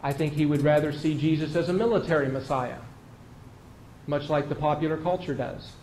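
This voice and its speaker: A man's voice: a little high, fairly quick, darkish tone. A man preaching a sermon in a conversational, storytelling way, with emphatic repeats and quoted lines. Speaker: pastor. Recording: echoey room with faint noise.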